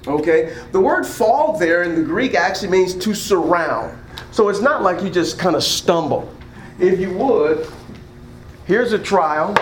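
A man's voice: high-pitched, roomy sound, slight background noise, rough recording. A man preaching an interactive sermon as pastor, asking the congregation questions and drawing call-and-response. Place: church hall.

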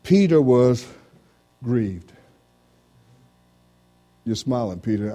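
With a medium-pitched, dark-toned voice, a pastor preaches an interactive sermon in church alongside a volunteer from the congregation. "Amen" and "praise the Lord" come up throughout, and his scripture reading has a slow, drawn-out King James cadence.

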